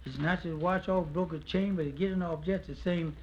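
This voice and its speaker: A man's voice: on the high side, steady tone, fairly quick, lo-fi sound, a little hiss or hum. A man, telling a folk tale in a folksy drawl and singing blues. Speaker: folk singer. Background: guitar.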